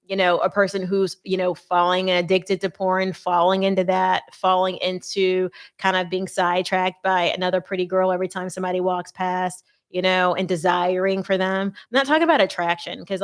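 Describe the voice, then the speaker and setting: A woman's voice: lowish voice, creaky. A woman host talking earnestly and conversationally about faith and marriage preparation, with playful asides. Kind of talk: faith-based marriage advice talk.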